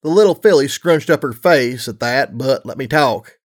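A man reading a story aloud, narrating in a steady, even storytelling manner. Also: medium pitch, moderate pace. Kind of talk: audiobook reading of fan fiction.

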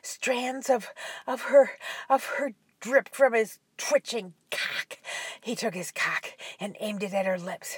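Slow, breathy woman narrating softly. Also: fairly high pitch, steady tone, no room sound. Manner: soft, drops at times to a whisper. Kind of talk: adult audio story narration.

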